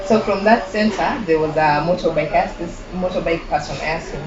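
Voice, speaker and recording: A young woman with a Kenyan accent tells a personal story as an interview guest, animated and quick to laugh. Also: fairly low pitch. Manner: animated, laughing, mixing in Swahili phrases. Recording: muffled with clear background noise.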